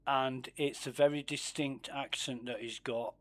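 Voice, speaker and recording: A man's voice: medium pitch, steady tone, measured pace, a bit bright. A man streaming a space game, chatting casually, swearing freely and muttering asides under his breath. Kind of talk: casual gameplay commentary.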